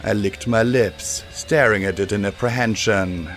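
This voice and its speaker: Male audiobook narrator, low voice, measured, steady, faint music underneath. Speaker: audiobook reader. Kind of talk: fan-fiction audiobook narration.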